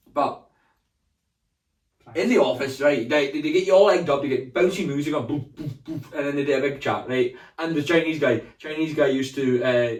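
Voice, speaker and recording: A man's voice: medium pitch, recorded from a distance. A man co-hosting a comedy podcast, telling rambling stories with a lot of laughter. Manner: rambling storyteller, laughs a lot, shouts when mimicking. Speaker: podcast co-host. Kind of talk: casual comedic chat. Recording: roomy sound, speaking away from the mic.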